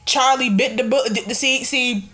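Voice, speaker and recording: A young woman hosting a casual radio show, chatting in an animated, excitable way and laughing often. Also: high-pitched, moderate pace. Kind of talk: casual chat.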